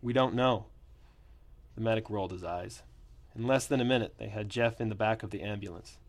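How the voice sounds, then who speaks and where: Low-voiced man reading a story. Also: fast, gravelly. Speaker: narrator. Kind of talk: first-person story reading.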